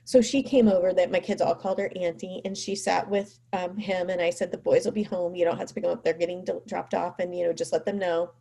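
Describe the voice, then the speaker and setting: Woman, mellow warm voice, casual personal storytelling, mother, lively quoted speech, lots of fillers. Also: on the low side, quick pace, vocal fry, hardly any pauses, husky. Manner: animated, acts out quoted speech; frequent fillers like "like" and "you know".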